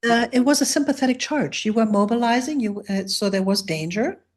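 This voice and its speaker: A woman teaching mindfulness on a live video call, speaking in a gentle, reassuring way. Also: a little high, expressive, brisk. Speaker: meditation teacher leading a live session.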